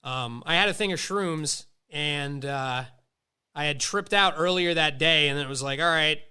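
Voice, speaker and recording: A man's voice: a little high, unhurried, clean tone. A man in his late thirties telling stories in casual, profane chat and acting out the voices of the people in them. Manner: profane, animated, acts out quoted voices. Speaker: podcast host.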